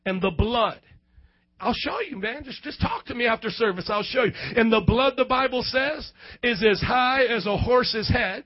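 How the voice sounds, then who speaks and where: A man, a youth pastor preaching a fiery sermon to his congregation, breaking into shouted, sing-song outbursts. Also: very high-pitched, normal speed, dull audio. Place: church hall before a youth congregation.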